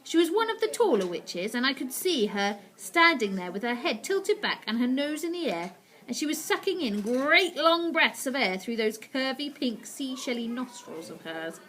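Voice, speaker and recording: Animated woman reading a story aloud. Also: sits high, moderate pace. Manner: expressive, animated.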